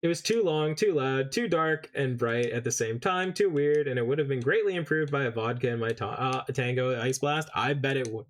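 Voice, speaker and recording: A man's voice: medium pitch, moderate pace, few pauses. A man who spent his early childhood in England, streaming and chatting casually, ranting with lots of swearing and greeting viewers. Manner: profane, animated ranting. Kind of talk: casual live-stream chat.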